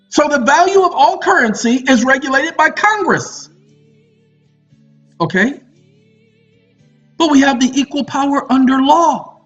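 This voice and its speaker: This online lecturer's very high-pitched, slightly bright voice comes through muffled audio with faint music behind it. He delivers a preachy, confrontational monologue, dropping teasing asides along the way.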